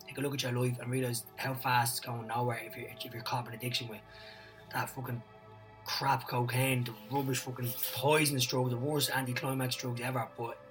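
Male guest, excitable rambler, sharp tone, off-mic with light music bed. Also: mid-range voice, recorded from a distance, low-quality recording. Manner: excitable, rambling storyteller, swears freely. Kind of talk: casual podcast chat.

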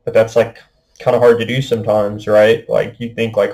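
A man's voice: lowish voice, level tone, brisk, creaky, darkish tone, rough recording. A young man hosting a casual monologue podcast, rambling with lots of fillers. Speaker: podcast host.

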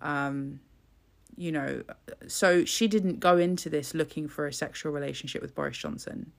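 Lowish gravelly woman ranting casually, blunt and sweary, lots of ums. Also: moderate pace. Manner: blunt, sweary and scornful, with many fillers. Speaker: commentator. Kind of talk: casual opinionated commentary.

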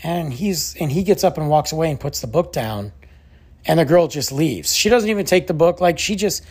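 A man hosting a podcast who tells a story in a casual, animated, exasperated way and says "like" often. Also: a little high, moderate pace, slightly rough. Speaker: podcast host.

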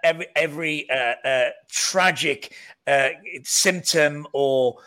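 Bright-voiced man with a Welsh-Scouse accent. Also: on the high side, takes it slowly, clear, resonant tone. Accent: Welsh-Scouse blend. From North Wales near Liverpool. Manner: animated storyteller, self-mocking, with frequent restarts. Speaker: guest actor. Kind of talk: casual interview chat.

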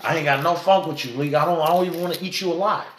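A man telling a story on a casual podcast, acting out both sides of a quarrel with loud, lively voices. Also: a little high, rapid-fire. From Sacramento area. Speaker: podcast co-host. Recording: echoey room.

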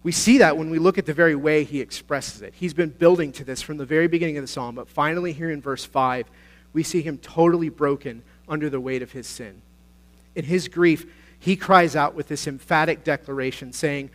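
A man preaching a sermon as pastor, earnest and exhorting, moving between quiet passages and louder, urgent appeals. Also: fairly high pitch, a little fast. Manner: earnest, exhorting, swings between soft and loud.

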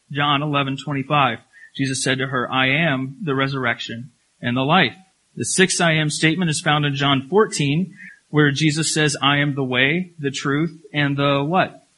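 A man with a slightly higher-than-average voice delivering a sermon as a pastor. He leans on key phrases, repeating them for weight. He poses rhetorical questions to the congregation and eases his pace when reading scripture aloud. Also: steady tone, normal speed, bright, forceful tone, low-quality recording.

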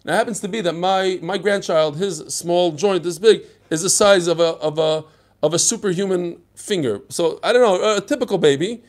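A man's voice: high voice, brisk. An older man teaching a daily Talmud class, chatty and digressive, mixing Hebrew and Yiddish terms into his talk. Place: study hall.

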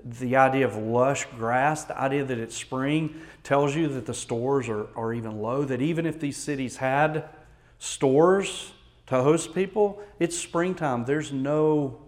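A man's voice: mid-range voice, unhurried. Texan male pastor, mid-range voice, earnest sermon delivery with strong dynamic swings.

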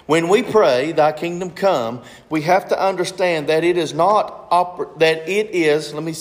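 A man's voice: on the high side, normal speed, few pauses, echoey room. A man preaching a sermon, repeating phrases and asking the congregation questions.

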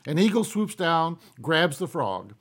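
A man's voice: on the high side, sing-song, unhurried, fairly bright tone, husky. A man co-hosting a podcast, telling jokes in a folksy, easygoing way and chuckling between them. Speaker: podcast co-host. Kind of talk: casual joke telling.

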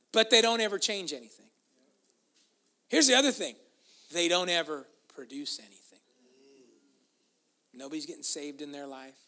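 A pastor preaching a sermon emphatically, with loud stresses and sudden soft, quiet asides. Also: mid-range voice, moderate pace, pauses often.

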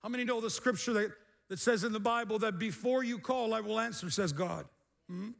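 A middle-aged man preaching a sermon as pastor, energetic, with repeated phrases and calls to the congregation. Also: high voice, a little fast, gravelly. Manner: energetic, repetitive call-and-response preaching.

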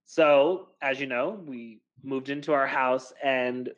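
A man's voice: mid-range voice, takes it slowly, dull audio. A young man co-hosting a podcast, chatting casually and telling stories, with lots of filler "like". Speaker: podcast co-host. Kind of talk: casual chat.

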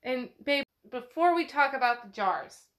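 Speaking a little slowly in a high, animated, slightly bright voice, this woman is a book club host giving a casual spoken recap of a novel chapter. She's chatty, laughs frequently and leans heavily on "like."

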